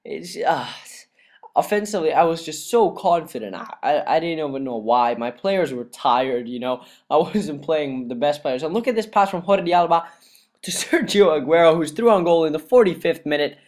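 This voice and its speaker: A young man doing voice-over commentary on a football video game, excitable and laughing often, his voice dry and cracking. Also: on the high side, normal speed. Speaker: gaming YouTuber. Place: cold room at home.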